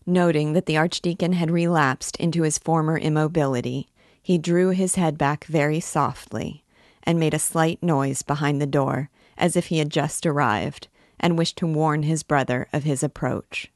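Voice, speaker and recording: A woman reads a classic novel aloud in a low voice, steady and expressive. The sound is dry and close, with no room around it. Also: moderate pace, dry recording. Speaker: reader.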